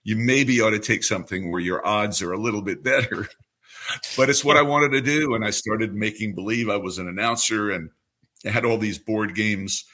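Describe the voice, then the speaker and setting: A man's voice: on the low side, moderate pace. Polished older announcer man from New York. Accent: New York, mostly trained away. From New York City. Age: 70s. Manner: relaxed anecdotal storyteller with a polished announcer delivery. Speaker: baseball radio broadcaster, guest. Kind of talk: storytelling interview answer.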